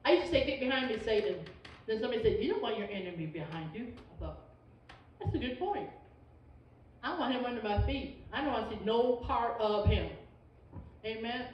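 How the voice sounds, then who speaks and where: A woman's voice: a little high, animated, fairly quick, pauses often, a little mellow, slight background noise. A woman teaching Sunday school in a folksy, emphatic way, often saying amen. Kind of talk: informal church teaching. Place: church sanctuary. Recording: distant echoey church recording, dull.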